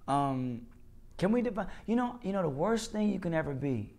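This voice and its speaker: A comedian being interviewed speaks emphatically, looping back on his phrases as if delivering a sermon. His voice sits somewhat high for a man. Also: sing-song, moderate pace, a little mellow. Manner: emphatic, repetitive, peppered with "you know what I'm saying". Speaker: comedian and actor, interview guest. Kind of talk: casual interview talk, preaching tone.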